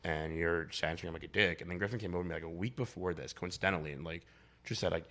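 A man's voice: low-pitched, rapid-fire, a bit bright. A young man chatting casually as a podcast guest, rambling and blunt, with lots of filler words and swearing. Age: young adult.

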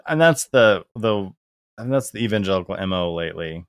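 A man's voice: low-pitched, expressive, fairly quick, dry recording, studio quality. A man co-hosting a podcast in a casual conversational chat, wry and rambling with many restarts. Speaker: podcast co-host.

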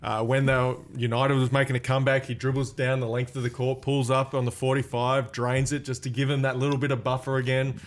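A man on a basketball podcast listing game stats in a steady, casual way with dry jokes. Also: medium pitch, a little fast, hardly any pauses. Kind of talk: casual sports chat.

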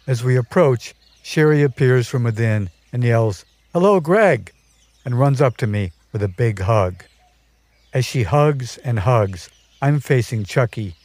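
A man narrating a scripted personal story for his podcast, measured and dryly wry. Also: lowish voice, mellow.

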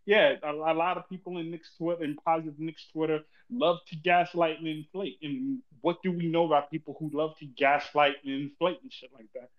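New guy venting about his team on a pod, high-ish voice, cussing a lot, muffled lo-fi sound. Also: steady tone, a little fast, few pauses. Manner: frustrated, profane, rambling. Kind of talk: casual podcast rant.

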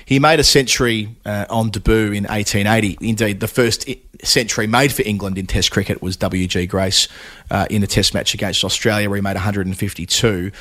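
A man's voice: on the low side, steady tone, brisk, a bit bright. A man hosting a casual podcast, reading out stats and stories with light humour. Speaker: podcast host. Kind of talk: casual chat.

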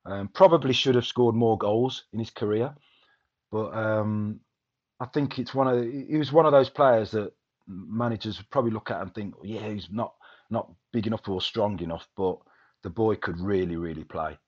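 Low-voiced man reminiscing. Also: moderate pace, a little mellow. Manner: rambling, with many restarts and fillers. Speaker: former footballer guest. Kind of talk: casual reminiscing chat. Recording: dull lo-fi sound.

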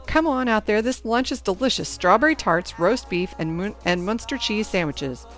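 A woman reader voicing an eager female teacher who runs a school auction with drawn-out, sing-song calls. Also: medium pitch, expressive, fairly bright tone, faint music behind, pitched above the performer's own voice, natural voice. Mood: coaxing. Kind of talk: audiobook character voice.

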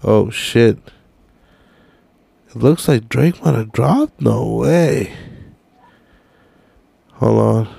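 Slow, gravelly young man ranting. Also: medium pitch, mellow, no echo. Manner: profane, rambling, searching on his phone while talking. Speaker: podcast host. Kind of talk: casual ranting monologue.

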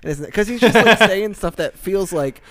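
A man's voice: sits high, lively intonation, moderate pace, a bit bright, slight background noise. A man co-hosting a casual podcast chat, wry and full of probing questions. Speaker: podcast co-host.

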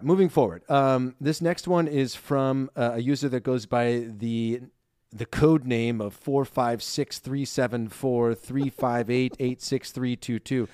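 A man co-hosting a podcast in casual chat, earnest and heartfelt, talking in halting bursts full of fillers and restarts. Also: mid-range voice, darkish tone, no echo, clean studio sound. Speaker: podcast co-host.

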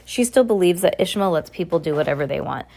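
A woman's voice: fairly low pitch, animated, fast talker, vocal fry, dark tone. A woman reading aloud and voicing a scheming adult male villain who growls and mocks. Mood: sneering. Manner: growling, mocking.

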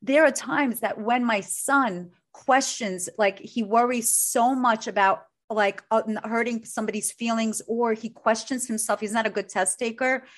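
This middle-aged coach talks at a normal speed with hardly any pauses, her pitch fairly high. During an emotional interview she discusses her work and family earnestly, from the heart and with conviction.

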